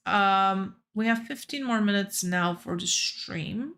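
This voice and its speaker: A woman's voice: mid-range voice, slow pace, a bit bright. A woman streaming a game, chatting casually and playfully with the other players and her viewers.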